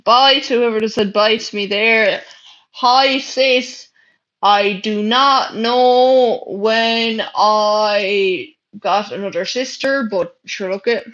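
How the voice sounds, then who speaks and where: A woman's voice: fairly high pitch, slow, fairly bright tone. A young Irish woman chatting casually on a livestream, reading out comments and answering bluntly with plenty of swearing and sarcasm. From Ireland. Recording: dull lo-fi stream audio.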